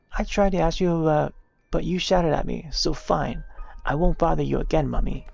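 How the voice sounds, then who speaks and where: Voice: mid-range voice, unhurried, gravelly, darkish tone, husky, muffled recording, voice pushed up, exaggerated voice. A streamer voicing an upset young girl in a game, reading her lines in a raised, pleading voice. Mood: tearful.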